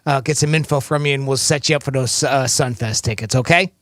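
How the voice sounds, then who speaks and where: A man's voice: medium pitch, a little fast, no room sound, clean studio sound. A man hosting a radio show, joking and laughing as he runs a ticket giveaway. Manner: jokey, laughs often.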